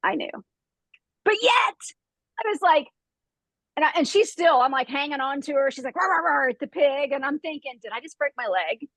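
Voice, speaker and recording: A high-pitched woman hosts a group conversation and tells a story with animated energy, often laughing and acting out the noises. Her voice sounds dry and close, with no room echo. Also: normal speed. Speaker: host.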